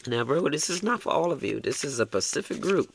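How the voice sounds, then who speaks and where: A man's voice: a little high, very animated, quick pace, vocal fry, a little hiss or hum. A man giving a tarot reading, blunt and coaxing, swearing freely and ending lines with "okay?". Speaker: tarot reader.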